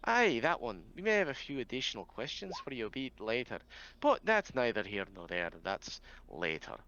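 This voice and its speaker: A man's voice: mid-range voice, huge pitch swings, normal speed, bright, forceful tone, dull audio, slight background noise. A man chatting casually as a player in a tabletop game.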